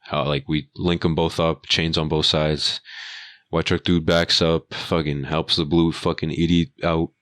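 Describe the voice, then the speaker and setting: A young man co-hosting a podcast, telling an animated, profane story in casual chat and acting out the people in it. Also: rumbling low, measured pace, no room sound, studio quality. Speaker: podcast co-host.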